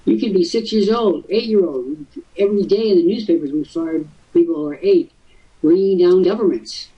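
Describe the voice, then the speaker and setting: The older host of a live webcast talk show tells stories at length, adding theatrical asides. He has a high voice at a moderate pace, sounding husky and off-mic through a distant microphone, with muffled, lo-fi sound.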